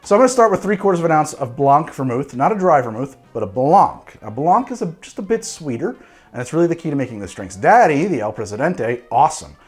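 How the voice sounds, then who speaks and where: A man's voice: a little high, sing-song, quick pace, a little mellow, breathy edge, faint music behind. A man hosting a cocktail show, chatting casually and rambling with restarts and self-deprecating jokes. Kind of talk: casual tasting commentary.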